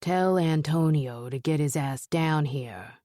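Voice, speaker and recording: A woman voicing an irritable male gangster who talks in a gruff, grumbling way in an audiobook. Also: low-pitched, slow, mellow, no room sound, clean studio sound. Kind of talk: audiobook character voice.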